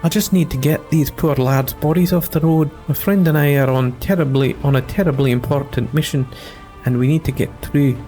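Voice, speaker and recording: A man's voice: a little high, steady tone, normal speed, warm tone, soft background music, pitched above the performer's own voice, close to an everyday voice. A man voicing a sheepish young male halfling rogue who stammers and gets flustered in a video game.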